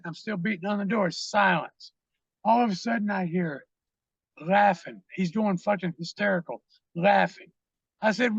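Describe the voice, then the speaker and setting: High-voiced man, rambling profane storyteller. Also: moderate pace, vocal fry, a bit bright, dry recording, muffled recording. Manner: rambling, profane, lots of fillers. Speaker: guest. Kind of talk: casual storytelling interview.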